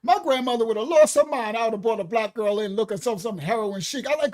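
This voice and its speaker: Man, ministry host, casual animated commentary, laughs a lot. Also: extremely high pitch, a little fast, hardly any pauses. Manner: animated, laughs often, jokey storytelling. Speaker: ministry host reacting to a video.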